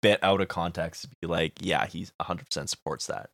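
Deep-voiced laid-back man, dry sound. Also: fairly even intonation, brisk, fairly bright tone, no echo. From Canada. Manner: laid-back, swears freely, hedging. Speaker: podcast co-host. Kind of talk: casual chat.

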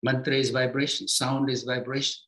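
A man teaches on spiritual matters in a calm, reflective talk, keeping a level tone. He doesn't rush, and his phrases fade low and quiet at the end.

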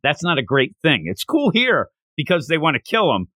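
A man co-hosting a casual chat about a manga, animated and acting out characters' lines as he goes. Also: on the high side, normal speed, no echo.

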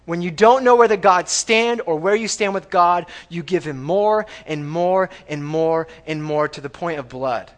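A man preaching a sermon in a church, talking in a conversational way and checking in with the congregation, going from loud emphatic lines to hushed reading. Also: fairly high pitch, a little slow, hardly any pauses. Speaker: pastor. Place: church sanctuary.

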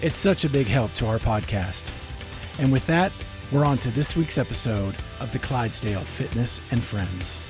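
A man's voice: medium pitch, expressive, moderate pace, over music. A man hosting a podcast, reading the intro and a sponsor ad in an upbeat promotional way. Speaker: podcast host.

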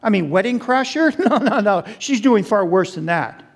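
A man's voice: sits high, moderate pace, gravelly. A man preaching a sermon as a pastor, telling the story animatedly and speaking straight to the congregation. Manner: animated storytelling, acting out quoted voices; addresses the congregation directly.

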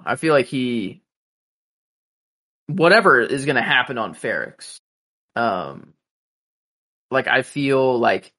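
A man co-hosting a casual podcast, speculating about a TV show in a halting way full of filler words. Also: medium pitch, pushed and bright. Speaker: podcast co-host. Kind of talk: casual TV recap chat.

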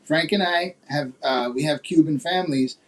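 High-voiced man hosting a casual chat. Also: normal speed, low-quality recording. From Florida. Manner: loose, rambling questions with many fillers. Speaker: podcast host.

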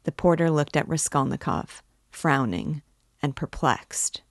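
A woman reading a classic novel aloud in measured, deliberate narration. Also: low voice, dry recording, clean studio sound. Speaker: book reading guide. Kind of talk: audiobook-style literary reading.

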